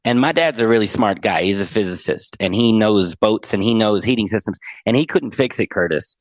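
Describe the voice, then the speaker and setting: A man's voice: on the low side, expressive, fairly quick, no room sound. A middle-aged man on a podcast, earnestly telling a heartfelt personal story as an anxiety coach and often repeating words as he goes.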